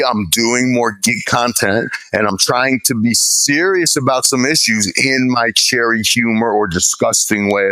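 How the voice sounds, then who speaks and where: A man's voice: on the low side, a bit bright, dry recording. Boastful, swearing man, dry sound. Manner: boastful, swaggering, swears a lot. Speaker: guest YouTuber. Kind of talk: casual profane podcast chat.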